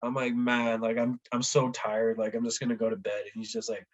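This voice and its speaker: A man tells a story in a relaxed, casual chat. He is animated and puts on the voices of the people in it, dropping "like" all the time. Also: medium pitch, fairly quick, low-quality recording. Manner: animated, acts out quoted voices, says "like" often. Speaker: podcast guest.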